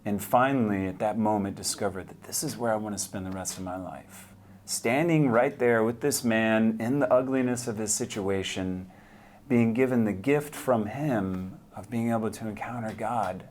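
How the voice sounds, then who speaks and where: A man telling a personal faith testimony, earnest and vivid, going hushed and quiet at the moving parts. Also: on the low side, moderate pace, a little hiss or hum. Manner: earnest, hushed when moved, vivid retelling. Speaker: speaker sharing a testimony.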